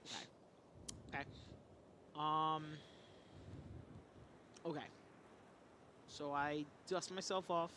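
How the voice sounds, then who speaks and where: A man playing a tabletop game speaks hesitantly, with plenty of "um"s and questions. His voice is fairly high for a man. A faint hiss sits behind the recording. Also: fairly even intonation, drawn-out words, pauses often, pushed and bright. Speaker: player.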